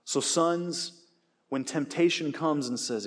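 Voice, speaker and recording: A man's voice: medium pitch, slow. A man in his forties preaching a sermon, telling stories with humor and acting out the voices of tempters and skeptics. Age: 40s. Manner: animated storytelling, acts out quoted voices, self-deprecating jokes.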